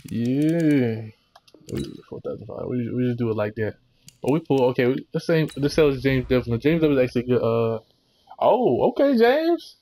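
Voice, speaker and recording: A young man giving casual, slangy commentary while opening packs in a video game, relaxed but breaking into excited outbursts. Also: medium pitch, fairly quick. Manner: laid-back slangy chatter, sudden excited outbursts. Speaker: gaming channel host.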